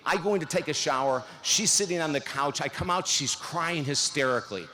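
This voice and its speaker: A man delivers a motivational commencement speech in a large hall. He tells stories with dramatic swings between upbeat energy and hushed moments. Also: on the high side, a little fast. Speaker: commencement speaker.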